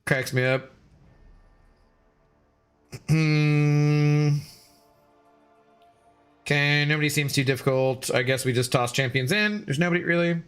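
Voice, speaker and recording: A man's voice: fairly high pitch, slow pace, pauses often, fairly bright tone, clear, resonant tone, faint music behind. A man streaming a game, chatting casually with his viewers, joking and laughing often. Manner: jokey and chatty, laughing often, answering chat. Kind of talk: casual live-stream chat while gaming.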